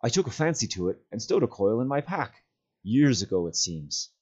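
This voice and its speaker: A man doing a loyal, excitable hobbit servant. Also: medium pitch, normal speed, breathy edge, voice pushed up. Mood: calm. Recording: dull lo-fi sound.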